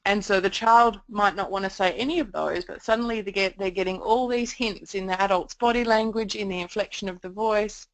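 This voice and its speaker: A woman presenter with a gravelly, slightly creaky edge to her voice talks through a training method at a middle pitch. She explains step by step, pausing often on "um" as she searches for words. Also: poor audio. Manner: explanatory, frequent um fillers. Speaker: communication trainer.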